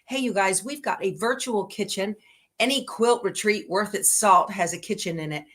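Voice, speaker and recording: A woman's voice: normal speed, a bit bright, slight background noise. A middle-aged woman, chatting casually as host of a livestream and talking to viewers in a homey, rambling way. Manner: chatty and homey, talks to her dogs in a high baby voice.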